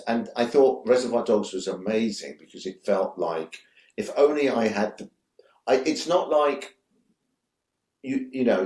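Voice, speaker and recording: A man's voice: mid-range voice, darkish tone, reverberant. A man, a guest director telling rambling, enthusiastic stories in a casual interview, swearing freely. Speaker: guest, music video director.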